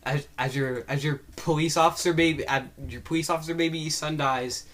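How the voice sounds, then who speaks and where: A young man co-hosting a podcast, telling an absurd improvised story in an excitable, stammering way. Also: fairly high pitch, fairly quick. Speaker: podcast co-host.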